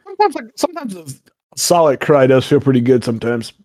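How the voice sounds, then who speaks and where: A man's voice: medium pitch, wildly swooping pitch, fast talker, darkish tone, no echo. A man hosting a podcast, chatting casually in a rambling, joking way and swearing often. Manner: rambling, swears a lot, jokey asides. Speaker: podcast host.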